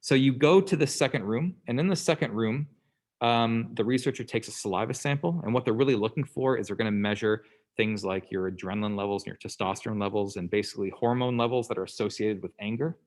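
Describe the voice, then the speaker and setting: A man's voice: on the low side, fast. A man lecturing a class in a conversational way, often checking in with "okay?" and "right?" and briefly acting out the people in his examples. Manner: acts out quoted people in passing.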